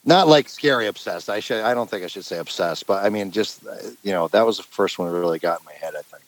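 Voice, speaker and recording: Low-voiced man telling rambling stories. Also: fast talker, poor audio. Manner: rambling storyteller, laughs, acts out quotes loudly. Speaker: musician guest. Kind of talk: casual phone interview.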